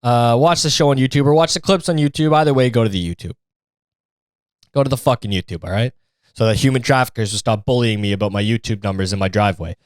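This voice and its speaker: A man's voice: mid-range voice, fast talker, clear, resonant tone, no room sound, studio quality. A man hosting a comedy podcast, talking in a rambling, sarcastic and profane way. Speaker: podcast host. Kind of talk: casual comedic monologue.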